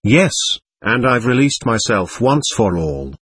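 A man's voice: mid-range voice, sing-song, a little slow, fairly bright tone, slightly rough, no echo, clean studio sound, full character voice. A man reading a bitter, irritable young man in an audiobook, speaking in a sardonic, snapping way. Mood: bitterly elated. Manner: sardonic, snapping, self-mocking.

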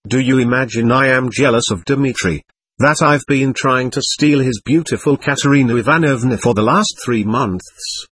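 Bitter, restless young man, snapping and sardonic, read by a male narrator, husky tone. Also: medium pitch, moderate pace, fairly bright tone. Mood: irritable. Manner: sardonic, snapping, self-mocking. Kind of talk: audiobook character reading.

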